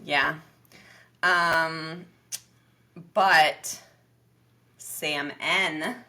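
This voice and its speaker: A woman co-hosts a casual podcast, recapping a dating show. Her voice sits a little low but rings bright and clear, and she slips into lively voices to act out what people said. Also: drawn-out words. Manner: animated, acts out quotes in lively voices. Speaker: podcast co-host. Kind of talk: casual reality TV recap chat.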